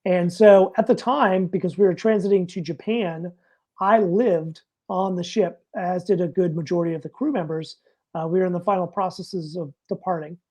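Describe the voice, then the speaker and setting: A middle-aged man, a retired Navy master chief, telling a story in casual talk, animated and swearing freely. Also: high-pitched.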